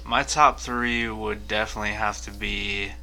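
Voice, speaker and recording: A man's voice: on the low side, fairly even intonation, vocal fry, bright, forceful tone. A young man co-hosting a podcast in casual chat, teasing and quizzing his friend, with mains hum behind. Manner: slow, teasing, questioning. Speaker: podcast co-host.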